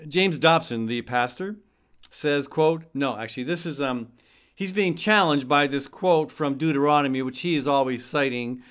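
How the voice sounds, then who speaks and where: A man's voice: mid-range voice, a bit bright, clean tone. A middle-aged man hosting a talk radio show, speaking conversationally and reading quotes aloud with wry asides.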